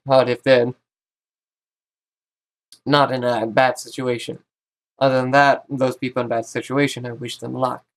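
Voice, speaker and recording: A man holds forth in a casual vlog monologue with a voice pitched squarely in the middle of the range. He wanders between points, breaks off mid-sentence and restarts, and gives his opinions bluntly. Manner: rambling, self-interrupting, opinionated. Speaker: YouTuber.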